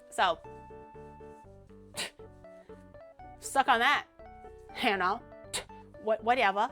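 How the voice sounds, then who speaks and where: A woman VTuber streaming in casual, animated chat, joking at her own expense and laughing often, from a home mic setup. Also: on the high side, extremely slow, long pauses, soft background music.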